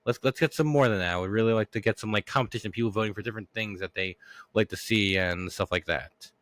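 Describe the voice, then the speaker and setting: Speaking fast in a fairly bright voice on the low side, a man runs a casual solo podcast monologue. He rambles, restarts frequently and leans on fillers, still recovering from a cough, in a dry recording.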